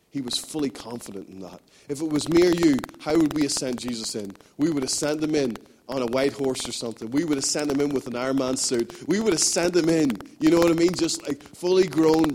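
A man's voice: mid-range voice, a little mellow, a little hiss or hum. A man preaching a sermon, emphatic and repetitive, building his points in rhythmic runs. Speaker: pastor.

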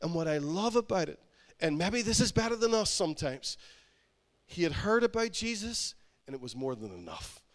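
Man preaching, high voice, emphatic, repeats phrases for effect. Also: big pitch swings, normal speed. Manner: emphatic, repetitive, rising to loud exhortation. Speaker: pastor. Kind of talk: sermon.

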